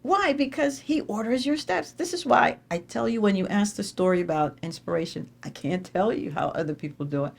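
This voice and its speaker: A woman giving an inspirational speech at an awards dinner, telling stories with sudden jumps in pitch and repeating phrases for emphasis. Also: animated, fairly quick, gravelly, hardly any pauses. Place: dinner event hall.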